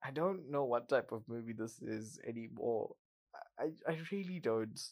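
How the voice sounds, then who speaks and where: A man's voice: mid-range voice, expressive, normal speed, a little mellow. A man hosting a podcast, recapping a movie in a casual, sarcastic way with exasperated asides.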